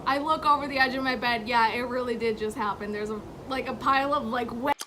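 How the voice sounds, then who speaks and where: High bright-voiced woman telling a story. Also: fairly quick, a little hiss or hum. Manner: animated, profane, laughing often, heavy use of "like". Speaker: vlogger. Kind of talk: casual storytime.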